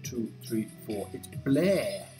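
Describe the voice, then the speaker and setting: A man's voice: mid-range voice, sing-song, slow pace, dark tone, soft background music. A man casually commenting on a video game he is playing, chatty, reading game text aloud and adding wry asides. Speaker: let's play host.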